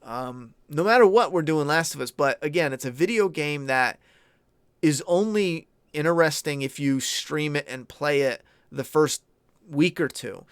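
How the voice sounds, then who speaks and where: A young man's voice, a touch higher than most and notably smooth, rambling through a casual livestream chat with plenty of blunt profanity. The sound is close and dry, with no room around it. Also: measured pace, no room sound. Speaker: YouTube streamer.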